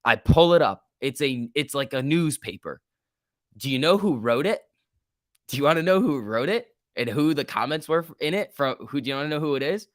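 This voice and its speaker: Excitable young man streaming stock commentary. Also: fairly high pitch, a little fast, no echo, studio quality. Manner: excitable, profane, reads chat aloud. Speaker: stock market livestream host. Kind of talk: casual live market commentary.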